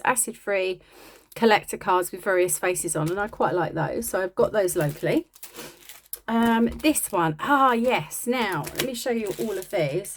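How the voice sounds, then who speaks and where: A woman's voice: mid-range voice, slight background noise. A woman chatting casually and rambling a little as she shows off her craft supply haul. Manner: chatty, rambling, self-deprecating. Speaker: crafting vlogger. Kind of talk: casual show-and-tell chat.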